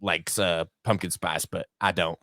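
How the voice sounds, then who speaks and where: A man putting on a slow, drawling Southern voice for a folksy character, pitched well below his own voice. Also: level tone, sharp tone, no echo, studio quality, exaggerated voice.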